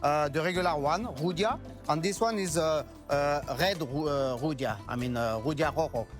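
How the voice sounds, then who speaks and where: French-accented man chef, halting English. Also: fairly high pitch, over music. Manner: halting, searching for English words. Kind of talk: cooking demonstration chat.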